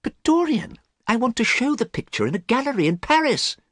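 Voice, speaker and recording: A man's voice: very high voice, big pitch swings, brisk, a bit bright, no room sound, clean studio sound, voice pushed up, full character voice. A man voicing a worried, earnest male painter who pleads with a friend, in a storybook reading. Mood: puzzled. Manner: pleading, anxious.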